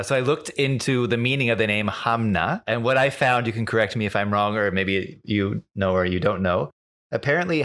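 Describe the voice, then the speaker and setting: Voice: mid-range voice, fairly bright tone. Brief: interviewer with a mid-range voice, reflective and encouraging, laughs along with the guest.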